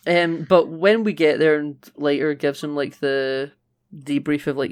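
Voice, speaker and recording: A man's voice: on the high side, steady tone, measured pace, hardly any pauses, clear, resonant tone. Chatty man recapping a film. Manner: chatty, retells scenes with laughs. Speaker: podcast co-host. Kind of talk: casual film review chat.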